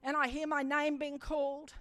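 A woman giving a sermon testimony, telling her story with animated storytelling that builds into fervent exhortation. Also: high-pitched, normal speed, dry recording. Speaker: preacher.

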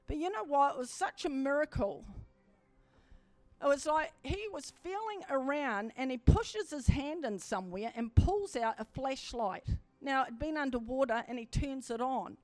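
A woman giving a sermon testimony, telling her story with animated storytelling that builds into fervent exhortation. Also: high voice, no room sound. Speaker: preacher.

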